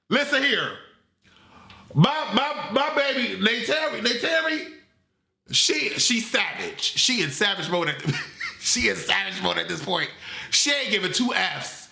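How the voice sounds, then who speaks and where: A man giving a comedic movie review in a dramatic, sassy, animated way. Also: high-pitched, unhurried, creaky. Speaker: movie critic. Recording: roomy echo.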